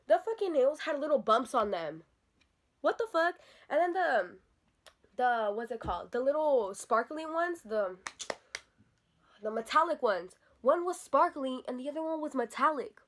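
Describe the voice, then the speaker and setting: High-voiced young woman telling a profane story. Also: lively intonation, moderate pace, a bit bright. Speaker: vlogger. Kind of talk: casual storytime vlog.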